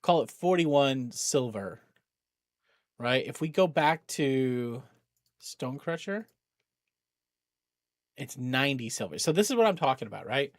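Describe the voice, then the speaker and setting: A middle-aged man hosting a charity game stream, talking casually, thinking aloud with many restarts and greeting viewers with bursts of excitement. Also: mid-range voice, a little slow, pauses often, no room sound, studio quality. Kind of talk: casual livestream chat.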